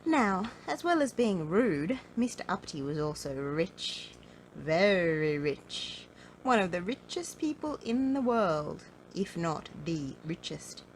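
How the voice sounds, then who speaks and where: A woman reading a children's picture book aloud in an expressive, sing-song storytelling manner. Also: fairly low pitch, a little hiss or hum, low-quality recording. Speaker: storybook reader.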